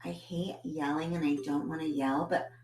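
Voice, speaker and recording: A woman co-hosts a podcast in a casual chat, animatedly telling stories and acting out scenes from family life. Her voice sits low and moves at a normal speed, picked up from a distance in an echoey room.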